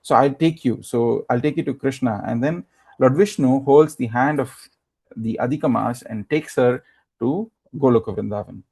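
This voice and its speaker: A man preaches by retelling a sacred story, pausing on fillers and slipping into the characters' words. His voice is mellow and relaxed, sitting at an ordinary middle pitch for a man. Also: vocal fry, breathy edge. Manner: retells scripture as a story, acting out quoted lines, many fillers. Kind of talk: storytelling sermon.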